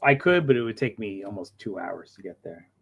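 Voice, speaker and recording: A man's voice: on the low side, lively intonation, a little fast, creaky, slightly rough, highs cut off. A man hosting a live stream in casual chat, joking and teasing his guests. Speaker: stream host.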